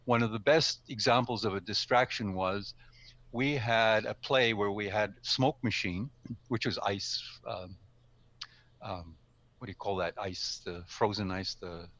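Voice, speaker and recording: Fairly low-pitched but fairly bright in tone, an older guest speaker who coaches speaking talks a little slowly and steadily as he shares tips casually, with ums and self-corrections. The setting is a live stream studio or room, and the audio is dull.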